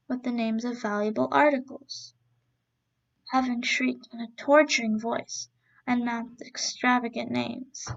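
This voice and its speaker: A woman reading a traditional story aloud in slow, deliberate phrases. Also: on the high side, creaky, dull audio.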